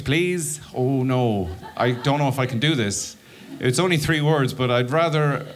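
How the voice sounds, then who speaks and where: An Irish man doing stand-up, telling a story and acting out his own panicked inner voice. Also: mid-range voice. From Ireland. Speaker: stand-up comedian.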